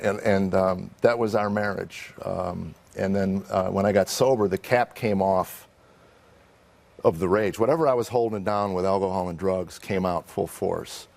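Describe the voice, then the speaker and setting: A man's voice: low voice, fairly even intonation, normal speed, vocal fry, a little mellow. A middle-aged man, a comedian guest in an interview, telling candid personal stories in a wry, self-deprecating way and acting out the people in them.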